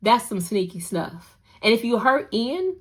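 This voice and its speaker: A woman's voice: fairly high pitch, unhurried, husky. Sassy woman recapping a drama. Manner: sassy, animated, talks back to characters. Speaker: podcast host recapping a drama. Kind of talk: casual recap chat.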